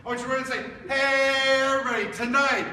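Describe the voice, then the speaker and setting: A man giving a loud, playful recruiting pitch to children, using call-and-response. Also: fairly even intonation, fast talker. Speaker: district director. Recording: echoey hall, distant mic, crowd noise.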